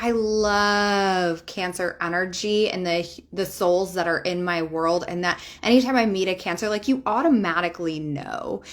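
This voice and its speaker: A woman in her thirties with a mid-range voice speaks to camera as a spiritual life coach. She is chatty and emphatic, swears casually, and laughs often.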